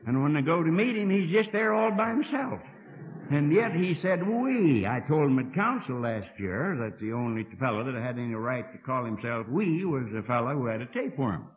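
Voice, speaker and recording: A man's voice: medium pitch, animated, a little fast, slight background noise. A man in his sixties preaching a sermon in a college hall, folksy and earnest, with dry asides and words repeated as he thinks. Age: 60s. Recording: dull lo-fi archive tape from 1960.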